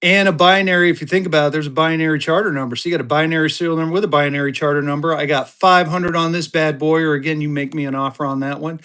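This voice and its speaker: A man from Colorado hosting a live selling stream, talking fast in an upbeat sales patter. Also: on the high side, steady tone, fairly bright tone, clear, resonant tone. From Colorado, USA. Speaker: live-stream currency seller.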